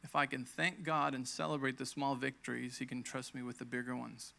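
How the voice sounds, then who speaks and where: Bright, gravelly man preaching testimony. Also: medium pitch, little pitch movement, brisk. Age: 30s. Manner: conversational, emphatic, acts out quoted lines. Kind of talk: sermon with personal testimony.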